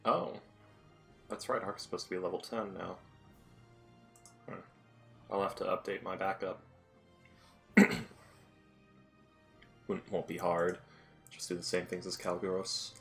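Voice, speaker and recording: Low bright-voiced man chatting before a game. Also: little pitch movement, a little slow, creaky, pauses often, soft background music. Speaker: game master. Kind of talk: casual pre-session chat.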